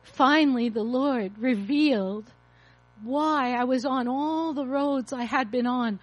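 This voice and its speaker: A woman's voice: high-pitched, no echo, muffled recording. A woman in her fifties, a pastor, preaching an emotional, confessional testimony. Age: 50s. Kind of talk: sermon testimony.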